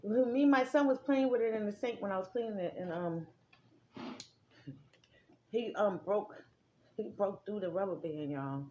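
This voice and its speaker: A young woman hosting an eating vlog, gushing with excitement and calling her viewers y'all. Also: medium pitch, normal speed, pauses often, highs cut off, slight background noise. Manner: bubbly, gushing, sing-song exclamations, talks to viewers as y'all. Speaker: mukbang vlogger.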